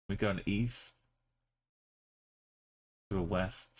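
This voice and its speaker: A man with a very low voice talks through a live stream in loose, easy chat. He mutters half-finished thoughts to himself, then turns to his viewers to muse and chat. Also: unhurried. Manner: thinking aloud, musing and chatting with viewers. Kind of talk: casual live-stream commentary while playing.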